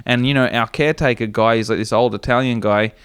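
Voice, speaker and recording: A man's voice: mid-range voice, fairly even intonation, fast talker, a bit bright, clear, resonant tone, no room sound, studio quality. A man, co-hosting a comedy podcast, telling stories casually, swearing often and acting out other people's voices. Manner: swears a lot, acts out quoted voices. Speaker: podcast co-host.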